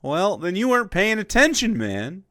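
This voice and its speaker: A man's voice: high-pitched, huge pitch swings, normal speed, a bit bright, no room sound. A man streaming live, reacting to a video with sarcastic, profane, mocking commentary.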